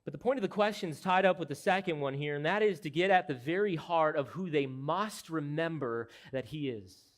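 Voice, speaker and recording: A man's voice: a little high, fairly quick. Earnest male pastor preaching a sermon. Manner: earnest, emphatic, explanatory preaching. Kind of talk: expository sermon.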